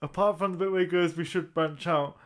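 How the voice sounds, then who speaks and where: A man's voice: high voice, fairly even intonation, a little fast. A young man, co-hosting a podcast in casual chat, laid-back and slangy as he reasons things out. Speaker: podcast co-host.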